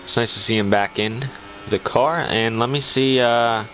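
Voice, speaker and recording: A man's voice: mid-range voice, fairly even intonation, moderate pace, fairly bright tone, a little hiss or hum, low-quality recording. A man giving casual live commentary on an online sim race, chatty and teasing, laughing often.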